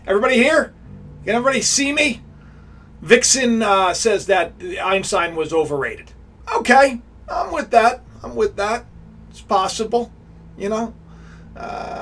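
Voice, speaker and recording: A man's voice: high-pitched, fairly bright tone. A man hosting a casual live stream, talking straight to his viewers, greeting them and rambling with frequent restarts. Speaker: livestream host.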